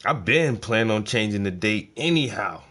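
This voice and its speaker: Laid-back vlogger man, low register, swearing through rambling stories. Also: expressive, moderate pace, a bit bright. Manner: profane, laid-back storytelling. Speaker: painting vlogger. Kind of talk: casual rambling chat.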